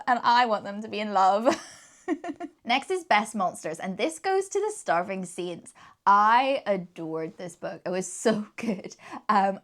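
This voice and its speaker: A young woman chatting casually about books she loved, enthusiastic and giggling often between sentences. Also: medium pitch. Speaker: book reviewer. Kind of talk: casual chat.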